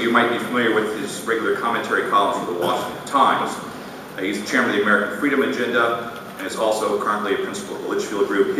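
A man moderating a panel, briskly reading a speaker's biography with frequent "uh"s. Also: on the low side. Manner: brisk, reads a bio with many "uh"s. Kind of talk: introducing a speaker. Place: large conference hall. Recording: echoey hall, voice from far off, noise.

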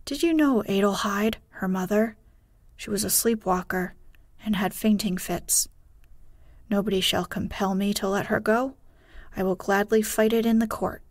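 A woman voicing a gruff, stubborn old grandfather in a story, firm and unyielding in a hushed bedtime read. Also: medium pitch, moderate pace, no room sound, close to an everyday voice.

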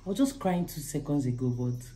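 Chatting to the camera indoors at home, a young Nigerian vlogger with a Nigerian accent jokes about having no money. Her deep, dark-toned voice is expressive and brisk, captured in a rough recording.

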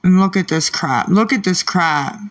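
An adult dad goes live late at night, reading chat and snapping back at commenters in irritation, repeating words under his breath. His high-pitched voice is expressive and fairly bright, at a moderate pace.

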